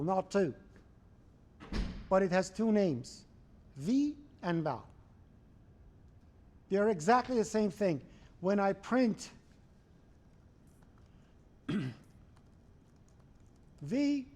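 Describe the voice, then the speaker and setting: Man, higher voice, programming lecture, conversational, checks in with the class a lot. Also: a little mellow. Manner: conversational, checks in with students often. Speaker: programming instructor.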